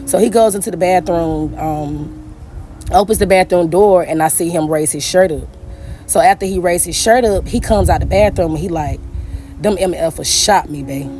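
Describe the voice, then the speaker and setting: A young woman casually telling her own story straight to her viewers. She talks in an animated, conversational way, full of "like" and "y'all.". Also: on the low side, normal speed, faint music behind. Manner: animated and conversational, often addressing listeners as "y'all", many "like" fillers. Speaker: storyteller sharing a personal story.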